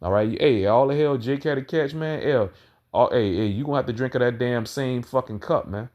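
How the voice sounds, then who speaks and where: A man preaching a combative sermon, reading scripture slowly and then ranting in loose, profane street talk, often tagging lines with "man" and "all right". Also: mid-range voice, muffled recording. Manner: reads verses slowly and loudly, then rants quickly.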